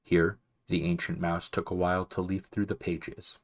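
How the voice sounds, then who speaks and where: A man narrating a children's novel aloud in a calm, measured reading. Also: low voice. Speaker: audiobook reader. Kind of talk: storybook narration.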